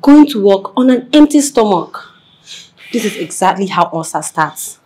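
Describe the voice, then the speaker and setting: A woman's voice: medium pitch, sing-song, moderate pace, darkish tone, slightly rough, rough recording. An actress with a Nigerian accent playing a needy pregnant wife who pleads and nags her husband. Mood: pleading. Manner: pleading and nagging. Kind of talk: Nollywood film acting.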